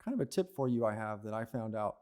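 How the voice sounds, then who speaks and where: A young man with a mellow, relaxed tone gives a patient, step-by-step percussion lesson. He often checks in with the listener with a quick "okay?" or "right?". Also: on the low side. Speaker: percussion teacher. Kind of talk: instructional lesson.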